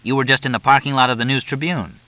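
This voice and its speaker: A man's voice: medium pitch, fairly even intonation, fast, bright, forceful tone, no room sound, pitched above the performer's own voice, lightly acted. A man voicing a stern male police lieutenant asking clipped, formal questions. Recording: dull lo-fi dry recording.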